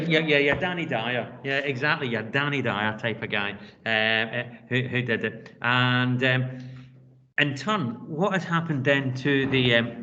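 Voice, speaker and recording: A man's voice: mid-range voice, pushed and bright. A male teacher leading a classroom discussion, rambling and restarting his sentences. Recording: dull lo-fi classroom recording with faint noise.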